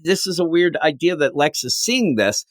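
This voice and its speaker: A man co-hosting a comics podcast in casual chat, rambling and acting out characters' lines with sudden jumps in pitch. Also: very animated, moderate pace, no room sound, clean studio sound. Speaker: podcast co-host.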